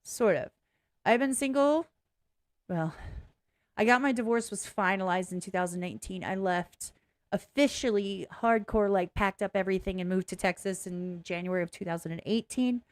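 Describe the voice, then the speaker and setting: A woman's voice: medium pitch, normal speed. A woman talking frankly and bluntly as the host of a reaction video, rambling, swearing and interrupting herself. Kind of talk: casual personal commentary.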